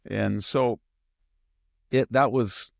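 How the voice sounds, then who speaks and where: A man hosting a podcast, giving casual political commentary as an animated storyteller who slips into mimicking the people he quotes and chuckles mid-sentence. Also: medium pitch, extremely slow, creaky, no echo, studio quality. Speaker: podcast host.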